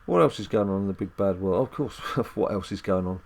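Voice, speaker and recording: A man's voice: deep voice, brisk, creaky, a little mellow. A man hosting a casual mobile game let's-play at home, chatty and rambling with jokes and filler ums. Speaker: dad gaming channel host.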